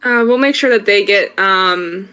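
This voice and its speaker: A woman player chatting casually and lively during a tabletop game over voice chat. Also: medium pitch, a little slow, smooth, soft background music.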